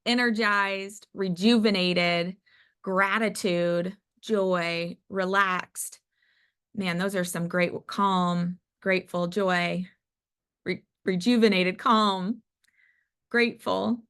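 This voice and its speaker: A woman's voice: mid-range voice, steady tone, takes it slowly, fairly bright tone, clean tone. A woman leading a team video call in an upbeat, encouraging way.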